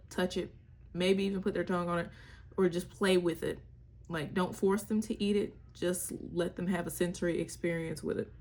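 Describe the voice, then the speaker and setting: Wry, slangy young mom, husky voice. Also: female voice, medium pitch, normal speed. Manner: candid, wry, slangy, breaks into playful voices. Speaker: mother sharing parenting tips. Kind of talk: casual chat.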